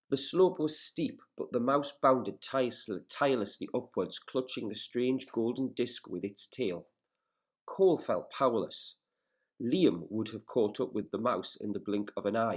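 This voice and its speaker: A male teacher reading a story aloud in a recorded lesson, stopping to explain words and setting questions in a patient, measured way. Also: medium pitch, fairly bright tone. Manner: careful, measured classroom delivery.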